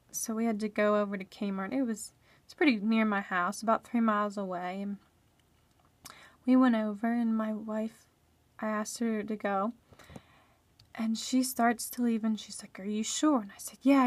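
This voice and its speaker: A woman voicing a deaf storyteller's first-person story, halting and often dropping into a soft whisper. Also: mid-range voice, no room sound.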